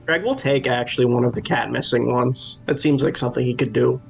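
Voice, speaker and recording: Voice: medium pitch, steady tone, a little fast, gravelly, faint music behind. A player in a tabletop game, casually explaining what their character does.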